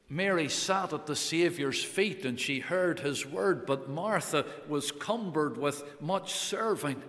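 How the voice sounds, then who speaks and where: A male preacher giving a sermon, earnest, swelling on key words and then dropping to a hush. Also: on the high side. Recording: long reverb of a large church.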